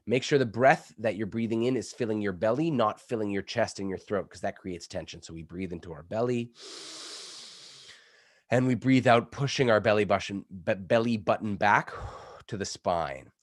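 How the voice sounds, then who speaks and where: A man coaching public speaking in an online workshop, energetic and demonstrative, a bit sick, on a good studio microphone. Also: lowish voice, no room sound.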